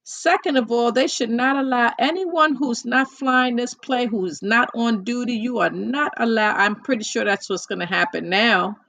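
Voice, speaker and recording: A woman's voice: on the high side, moderate pace, creaky, hardly any pauses, a bit bright. A woman talking casually to her listeners, chatty and repetitive, with frequent restarts and acted-out quotes. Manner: chatty, repeats herself and restarts, acts out quotes. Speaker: commentator. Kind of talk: casual monologue.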